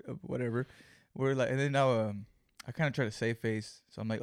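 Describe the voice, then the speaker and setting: A man's voice: mid-range voice, quick pace, a little mellow, no echo, studio quality. A young man co-hosting a podcast, telling casual stories full of swearing and acted-out quotes. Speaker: podcast co-host. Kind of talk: casual chat.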